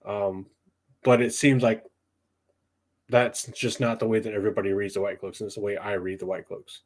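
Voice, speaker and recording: A young man with a fairly low voice talks through his thoughts on a casual livestream podcast. He rambles and circles back, filling pauses with ums. He grew up in the southeastern United States. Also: level tone. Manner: rambling, thinks aloud with many ums. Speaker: podcast host.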